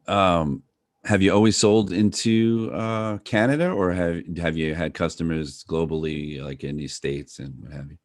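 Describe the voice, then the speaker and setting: Low-voiced casual host. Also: male voice, steady tone, unhurried, no room sound, clean studio sound. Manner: casual, chatty with fillers. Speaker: host judging cold calls.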